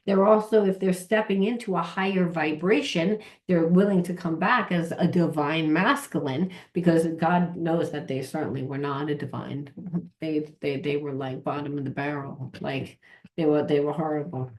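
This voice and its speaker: A woman's voice: low voice, fairly even intonation, moderate pace, darkish tone. A woman giving a casual tarot reading, rambling, repeating herself and swearing offhandedly. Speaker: tarot reader and trauma coach.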